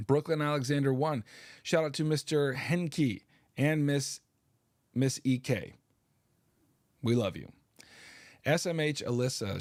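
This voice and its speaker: A man teaching history on a livestream, casually and playfully reading out viewer comments and shout-outs. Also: mid-range voice, dry recording, studio quality. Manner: casual, playful, reads names aloud.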